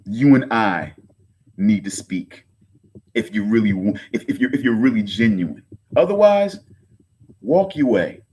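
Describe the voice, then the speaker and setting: A man's voice: animated, measured pace, pauses often, dark tone, slight background noise. A man in his thirties delivering a heated rant straight to his viewers. He swears, repeats himself and keeps calling them "folks". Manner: agitated, swearing, repeats himself, pitch swings high when angry. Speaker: online content creator. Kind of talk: heated direct-to-camera rant.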